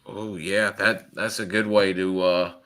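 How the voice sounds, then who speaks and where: A man's voice: low-pitched, level tone, a little slow, a bit bright. A man with a Southern American accent hosting a casual interview, rambling with many fillers and reading out listener questions. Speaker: podcast host.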